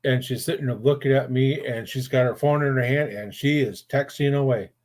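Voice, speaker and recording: A man's voice: medium pitch, fairly even intonation, brisk, darkish tone. An older man, a grandfather, hosting a casual chat show and telling rambling stories in a blunt, profane way. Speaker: podcast host.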